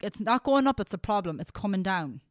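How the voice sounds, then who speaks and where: Blunt, expressive woman. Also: mid-range voice, no room sound, clean studio sound. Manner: expressive, blunt, quick to laugh. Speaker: podcast co-host. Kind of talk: casual chat.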